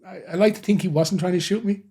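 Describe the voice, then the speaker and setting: Husky man telling stories. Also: high-pitched, fairly even intonation, fast, mellow. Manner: rambling anecdotal telling, frequent "you know". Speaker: former nightclub head doorman, guest. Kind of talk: casual interview storytelling.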